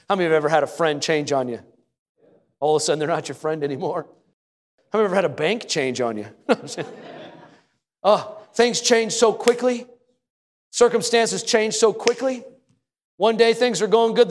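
A man with a high voice preaches a sermon from the pulpit, his repeated refrains climbing in intensity as he calls out to the congregation. His voice rings through a church with a long, lingering reverb. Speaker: pastor. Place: church sanctuary.

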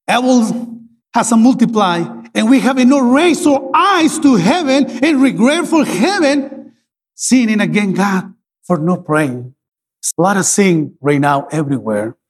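A man's voice: sits high, breathy edge. A middle-aged man with a Spanish accent, a native Spanish speaker, preaching a fervent bilingual sermon in a pleading, repetitive way. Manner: fervent, pleading, repeating phrases. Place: church. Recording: echoey church hall.

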